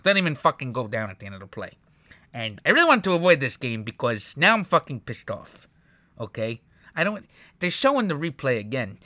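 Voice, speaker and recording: A man breaking down football highlights in a casual, profane, exasperated rant. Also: bright, forceful tone, no echo. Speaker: sports commentator reacting to highlights.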